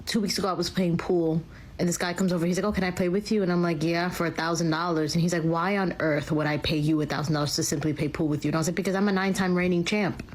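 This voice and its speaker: A woman telling a story to her followers in a smug, boastful way. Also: fairly low pitch. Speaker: social media poster. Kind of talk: casual storytelling to camera.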